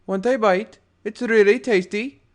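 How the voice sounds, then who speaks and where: A man's voice: high voice, steady tone, measured pace, voice pushed up. A man voicing a menacing, crude male pony gangster in a fan audiobook, taunting and swaggering.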